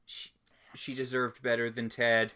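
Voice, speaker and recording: A man's voice: mid-range voice, completely flat delivery, unhurried, bright, forceful tone, clean tone. A man co-hosting a TV recap podcast in casual chat, chatty and rambling. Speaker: podcast co-host.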